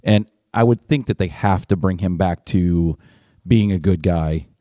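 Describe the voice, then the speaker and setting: A man's voice: deep voice, a little slow, warm tone, no echo, studio quality. A man, speaking hesitantly with restarts in casual podcast chat. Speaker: podcast co-host.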